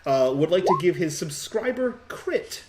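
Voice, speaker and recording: A man running a tabletop game as game master, narrating in an unhurried way with many fillers. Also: high voice, sing-song, very noisy.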